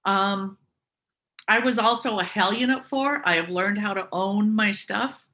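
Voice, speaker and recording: A woman tells personal stories. Her voice is bright and forward. She speaks openly and reflects on herself as she talks. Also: mid-range voice, a little slow. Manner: candid, self-reflective. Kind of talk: personal storytelling.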